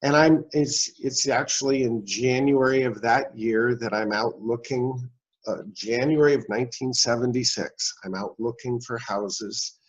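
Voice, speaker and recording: A man's voice: medium pitch, unhurried. A man in his sixties, a guest telling a personal story in an interview and acting out the dialogue in it. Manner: animated storyteller, acts out dialogue. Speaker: guest, real estate investor. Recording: dull, slightly lo-fi sound.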